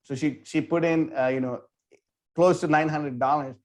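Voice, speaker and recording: A man who leads a temple's book distribution team tells a story in a casual interview, talking in an animated way, full of "like" and "you know". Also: on the high side, moderate pace. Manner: animated, filler-heavy, with many "like" and "you know".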